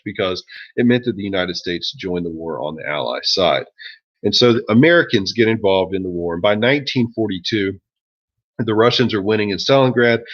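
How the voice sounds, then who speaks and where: A man's voice: low-pitched, a bit bright, highs cut off. A man teaching a history class in a casual, joking way, with many ums and uhs. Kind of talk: classroom lecture.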